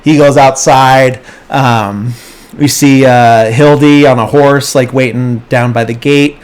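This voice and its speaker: A man's voice: medium pitch, steady tone, takes it slowly, a little mellow, smooth. A man hosting a podcast, casually retelling a film's plot in a loose, rambling way and briefly acting out the characters' lines. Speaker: podcast host. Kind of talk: casual movie plot recap.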